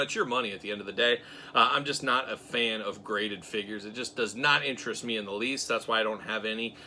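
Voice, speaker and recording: A middle-aged man hosting a casual chat, animated and self-mocking, getting fired up as he talks. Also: medium pitch, slight background noise. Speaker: host.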